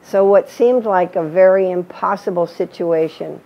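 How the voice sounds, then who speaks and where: A woman's voice: lowish voice, moderate pace, lo-fi sound. An older woman telling her personal faith story in an earnest, storytelling way, acting out the voices she quotes. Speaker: missionary teacher. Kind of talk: personal testimony.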